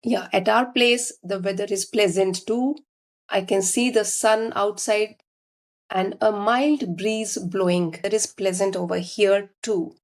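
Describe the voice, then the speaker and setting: An Indian-accented woman teaches English in a measured, explanatory way, stressing each point for beginners. Her voice sits at a middle pitch. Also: fairly even intonation. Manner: slow, deliberate, explanatory. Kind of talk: instructional talk to learners.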